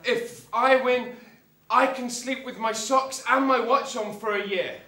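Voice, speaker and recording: A man's voice: very high voice, fairly even intonation, a little slow, bright, forceful tone, full character voice. An actor playing a teasing Anglo-Scottish husband who mocks his wife with dry, sarcastic jabs. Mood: mocking. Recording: roomy live stage sound.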